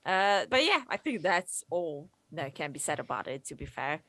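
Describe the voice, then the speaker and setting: A woman's voice: deep voice, very animated, moderate pace, a bit bright, dry recording. A woman co-hosting a film review show, sounding laid-back and noncommittal and using lots of fillers. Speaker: podcast co-host. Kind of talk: casual film review chat.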